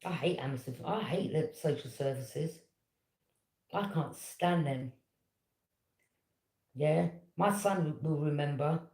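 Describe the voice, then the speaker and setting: A woman, telling a personal story in a casual, animated and indignant way, with quick "yeah?" asides. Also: deep voice. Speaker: tarot reader. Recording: echoey room.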